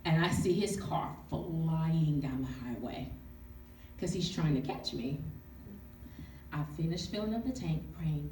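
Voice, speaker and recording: A woman's low, mellow voice stays animated and unhurried over slight background noise. Speaking as an author at a live book event, she tells a candid, humorous story, testifies, and calls for audience replies, all picked up by a distant mic in an echoey hall.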